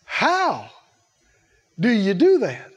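Animated high-voiced male preacher. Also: very slow, husky, muffled recording. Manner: animated, humorous, laughs often, calls for responses. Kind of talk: sermon.

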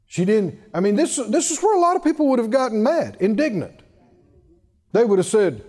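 A man's voice: high voice, big pitch swings, normal speed, darkish tone. A man preaching a sermon, emphatic and drawing call-and-response from the congregation, with chuckling asides.

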